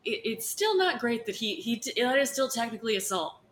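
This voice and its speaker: A woman's voice: on the high side, big pitch swings, brisk, fairly bright tone, poor audio. A woman co-hosting a casual film chat, chatty with many fillers, with faint background noise. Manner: chatty, filler-heavy, laughs often. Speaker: podcast co-host.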